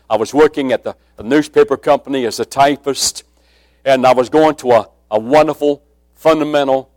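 A man preaches a sermon built around a personal testimony, speaking emphatically and dropping to a hushed voice when quoting. His voice is medium-pitched, with no echo in the recording.

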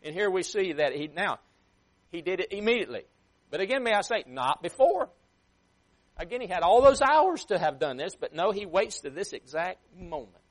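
A man preaching a sermon with emphatic swings in loudness and pace, sometimes acting out a parent scolding a child. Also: high-pitched, expressive, normal speed. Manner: emphatic, rising and dropping sharply for effect.

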